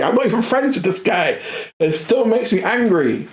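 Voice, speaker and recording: A man's voice: very high voice, brisk, reverberant. A young man ranting casually while he plays a game, swearing often and tripping over his words. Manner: animated, swears a lot, repeats himself. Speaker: gaming streamer. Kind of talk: casual rant while gaming.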